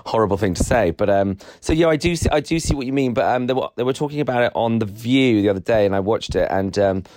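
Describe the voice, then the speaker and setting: Guy, podcast co-host, lowish voice that shoots up when he gets excited, chatty and rambly. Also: quick pace, dry recording, clean studio sound. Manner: rambling, laughs often, voice jumps high when excited. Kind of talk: casual chat.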